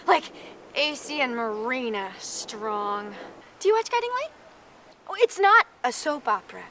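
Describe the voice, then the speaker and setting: An actress playing a young faire princess who gushes in an affected, romantic way. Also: female voice, a little high, animated, a little slow, long pauses, bright, forceful tone, a little hiss or hum. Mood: dreamy. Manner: gushing and affected.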